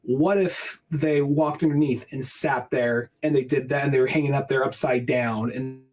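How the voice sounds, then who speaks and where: A man's voice: medium pitch, fairly even intonation, normal speed, darkish tone, soft background music, low-quality recording. A man co-hosting a podcast, chatting casually about a film and riffing into comic bits. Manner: jokey, riffs into comic bits and voices. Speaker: podcast co-host. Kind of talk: casual movie review chat.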